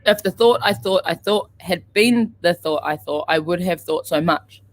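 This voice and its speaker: Giggly woman co-hosting a chat stream. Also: on the low side. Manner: giggly, playful, reads tongue twisters slowly. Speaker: co-host of a morning livestream. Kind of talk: casual chat.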